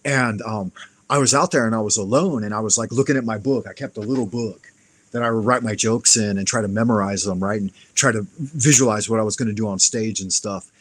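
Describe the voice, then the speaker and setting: Speaking briskly in a lowish voice, this man hosts a live stream and casually relates a fight story peppered with profanity. He animates the anecdote by voicing the other people's lines himself.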